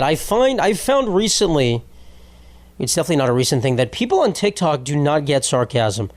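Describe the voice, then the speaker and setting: A man's voice: fairly high pitch, animated, a little fast. Rambling sarcastic male podcast host. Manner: rambling, sarcastic, swears freely. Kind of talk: solo comedy podcast monologue.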